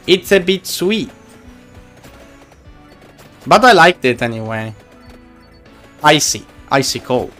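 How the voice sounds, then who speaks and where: A man's voice: a little high, sing-song, takes it slowly, pauses often, fairly bright tone, soft background music. A man streaming a game live, chatting casually and teasing his viewers in a playful way.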